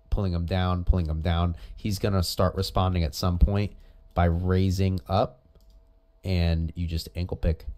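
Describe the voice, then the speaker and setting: A man commenting on jiu-jitsu rounds as a coach, casual and chatty, giving pointers and praise. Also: low voice. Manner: animated, coaching, chatty asides.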